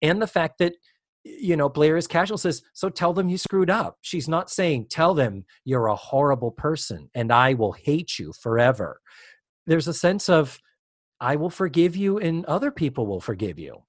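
Animated man recapping with big laughs. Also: fairly high pitch, normal speed, no room sound, studio quality. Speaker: podcast co-host. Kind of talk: casual recap chat.

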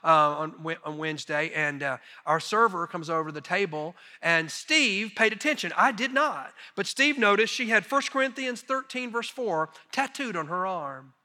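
A middle-aged man preaching as a missionary, telling folksy, self-deprecating stories in an animated way. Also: high-pitched, normal speed, few pauses. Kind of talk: sermon storytelling. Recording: long reverb of a large hall.

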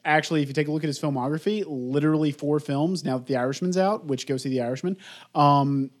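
A man's voice: fairly high pitch, steady tone, fast talker. Rambling man talking movies. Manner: rambling, heavy filler words. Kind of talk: casual film discussion.

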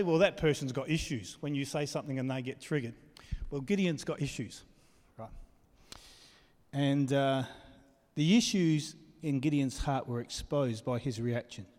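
Pastor preaching in an echoey hall. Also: male voice, medium pitch, a little mellow. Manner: conversational, asks the congregation questions. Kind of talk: sermon.

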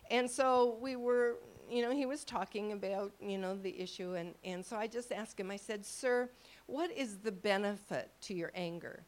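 A woman's voice: mid-range voice, normal speed. Woman preaching with stories. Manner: storytelling, quotes people in dialogue; asks the audience questions. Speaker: ministry speaker. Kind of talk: sermon with slides.

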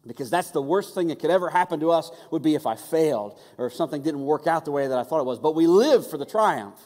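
A man preaching a conversational, animated sermon and acting out the voices he quotes. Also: on the high side, quick pace. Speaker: pastor. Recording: long hall reverb.

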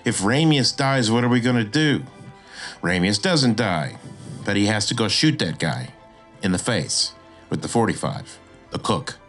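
A man hosting a screenwriting podcast, talking casually and swinging his pitch up and down, with frequent restarts. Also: animated, a little slow, a bit bright, faint music behind. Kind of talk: casual instructional talk.

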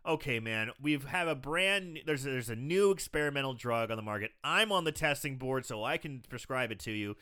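A man's voice: mid-range voice, animated, normal speed, hardly any pauses, pushed and bright, clean tone. A man voicing a laid-back male doctor while retelling a film, in a casual, offhand way. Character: easygoing male movie doctor.

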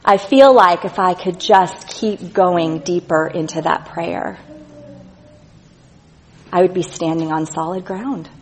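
A woman preaching a sermon, reading scripture with slow, stressed emphasis and going soft and quiet on tender lines. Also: lowish voice, a little hiss or hum, low-quality recording. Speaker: speaker at a church gathering.

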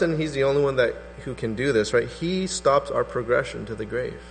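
A man preaching a sermon as pastor, animated and acting out skeptical voices. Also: medium pitch, brisk, creaky. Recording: hall reverb with faint mains hum.

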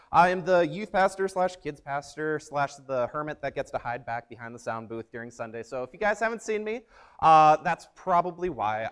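A young man preaching as a youth pastor, telling stories in an upbeat, energetic way. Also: a little high, clean tone. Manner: upbeat, energetic, animated storyteller. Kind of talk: youth sermon with storytelling.

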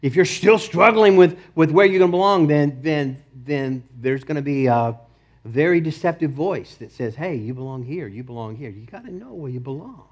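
A pastor preaching a sermon with passion, repeating short declarations and swinging from loud insistence to quiet, intimate appeals. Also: male voice, a little high, lively intonation, moderate pace. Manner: impassioned, repeats key phrases, rises then drops to near murmur. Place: church.

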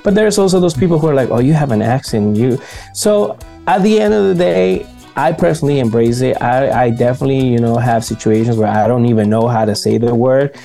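A man's voice: mid-range voice, fairly quick, creaky, mellow, soft background music. A man from Bolivia, a native Spanish speaker with a Bolivian Spanish accent, chatting casually and animatedly on a podcast, full of slang and acted-out quotes. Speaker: podcast co-host and event host. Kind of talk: casual chat.

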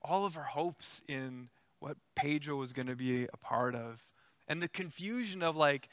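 A man preaching a sermon, retelling a story in a conversational, animated way with acted-out quotes. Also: on the high side, unhurried, no echo, clean studio sound.

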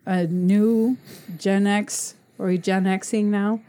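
Lively, profane woman telling stories. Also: mid-range voice, slow. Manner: animated, swearing storyteller who acts out voices. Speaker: podcast guest. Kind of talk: casual chat.

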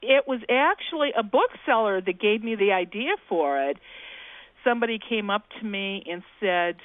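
A woman guest tells her ghost stories in a chatty, folksy way, slipping into the voices of the people she quotes. She comes through a narrow, phone-like line that sounds dry and close. Her pitch sits in a middle range. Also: animated, normal speed, no echo. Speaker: guest, ghost-talking cookbook author. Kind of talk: anecdotal storytelling in an interview.

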